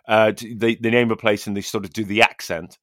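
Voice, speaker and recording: A man's voice: on the low side, a little fast, dry recording. A man from Ireland, hosting a comedy interview podcast with a dry, teasing delivery. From Northern Ireland. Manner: deadpan, teasing. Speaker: podcast host.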